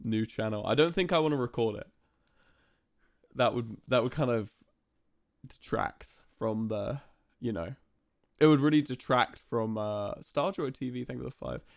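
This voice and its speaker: A man's voice: mid-range voice, normal speed, creaky, dry recording, clean studio sound. A young man streaming live, chatting casually and playfully to his viewers with lots of fillers.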